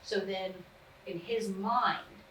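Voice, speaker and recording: A woman leading a parent training session in a casual, animated way, often acting out what kids and parents say. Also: medium pitch, drawn-out words, slight background noise. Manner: animated and chatty, acting out quotes. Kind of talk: casual coaching talk. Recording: echoey room, mic at a distance.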